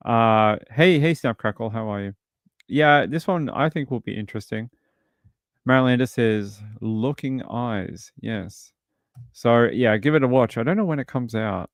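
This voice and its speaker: A man's voice: medium pitch, no echo, studio quality. A British man hosting a true crime livestream, talking casually and reading out chat messages. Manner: rambling, reads chat aloud. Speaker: streamer host.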